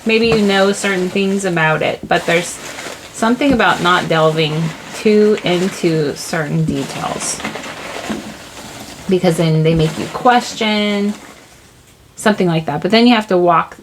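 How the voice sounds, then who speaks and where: Gravelly-voiced woman giving a tarot reading. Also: fairly low pitch, measured pace, noisy background. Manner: rambling, searching for words, full of "like" and "you know". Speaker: tarot reader. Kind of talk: casual spiritual reading.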